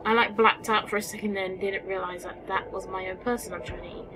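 With music running behind her, a woman narrates a let's-play in a mid-range voice, steady in tone and quick in pace. Her casual commentary is chatty, and she talks to the game creatures while exclaiming and muttering through the play.

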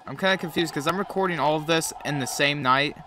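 A man's voice: on the high side, fast, bright, forceful tone, slight background noise. A man with a cold giving profane, joking play-by-play commentary while playing a game. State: has a cold. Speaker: gamer commentator.

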